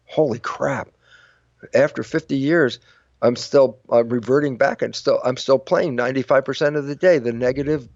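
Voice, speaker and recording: Older guy on a podcast, gravelly voice, acts out little back-and-forth dialogues, dry muffled audio. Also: mid-range voice, a little mellow, no room sound. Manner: acts out both sides of his own dialogues, shifting voice for quoted speakers. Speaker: guest. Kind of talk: animated interview talk.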